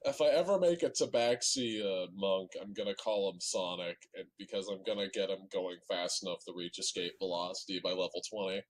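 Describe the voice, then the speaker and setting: A man playing a tabletop game, joking with quick asides. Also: low voice. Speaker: player. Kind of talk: casual tabletop game chat.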